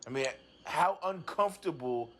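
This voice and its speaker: Halting, agitated man. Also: a little high, lively intonation, a bit bright. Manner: halting, repeats words, frequent restarts. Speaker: client in a talk therapy session. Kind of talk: agitated personal account.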